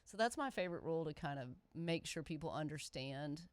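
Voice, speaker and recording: A woman's voice: deep voice, brisk, dry recording. A middle-aged woman, a pickleball coach, talking casually and emphatically as an interview guest. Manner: animated, emphatic, quotes players in character.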